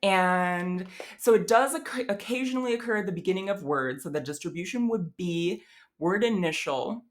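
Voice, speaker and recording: A low-pitched woman talks through a language lesson in a relaxed, chatty way. She often restarts her sentences and fills pauses, then sounds out her examples slowly and with care. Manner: chatty, with many fillers and restarts; models examples in an over-careful voice. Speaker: language teacher. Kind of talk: casual explanatory lesson.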